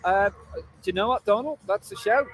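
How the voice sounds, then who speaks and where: A man's voice: sits high, fairly quick, fairly bright tone, faint music behind, poor audio. An Irish man hosting a live football fan stream from a stadium, chatting and bantering with viewers' comments. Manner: chatty, jokey banter, frequent fillers. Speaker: football fan livestream host. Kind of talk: casual live chat reading viewer comments.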